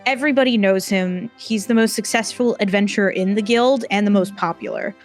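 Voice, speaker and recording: A woman's voice: medium pitch, fairly quick, faint music behind. Rambling woman game master. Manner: chatty, rambling, frequent "like" fillers. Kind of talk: narrating a tabletop game.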